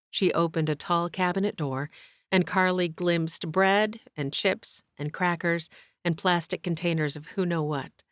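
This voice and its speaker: A woman narrating an audiobook in a steady, even storytelling manner. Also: fairly low pitch, a little slow, no echo, clean studio sound. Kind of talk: scripted narration.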